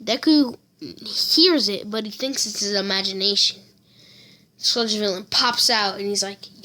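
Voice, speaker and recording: A woman's voice: mid-range voice, measured pace, sharp tone. A woman casually telling a fan story, rambling with fillers and self-corrections.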